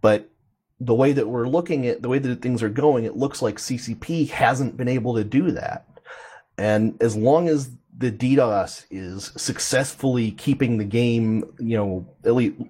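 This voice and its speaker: A man co-hosting a casual chat, explaining technical matters in a measured way with many hesitations. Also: mid-range voice, dark tone, slightly rough. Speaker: co-host.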